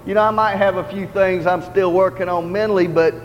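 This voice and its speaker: A man's sermon in church comes across brisk and steady, his voice sitting high. He's a lay preacher with an earnest, conversational way of repeating himself, captured in a dull, roomy hall recording with faint ambience and slight background noise.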